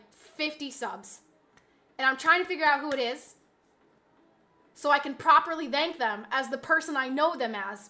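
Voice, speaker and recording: Woman streamer with a bright, sharp voice; rambling and exasperated, prone to yelling outbursts. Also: high-pitched. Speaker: live streamer. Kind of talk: casual live-stream chat.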